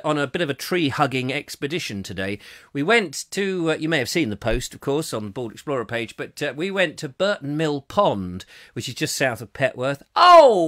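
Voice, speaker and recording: A man's voice: on the high side, a bit bright. A man hosting a comic live chat show, rambling, joking and reading out viewers' comments with theatrical emphasis. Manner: chatty, jokey, theatrical emphasis, laughs at own jokes.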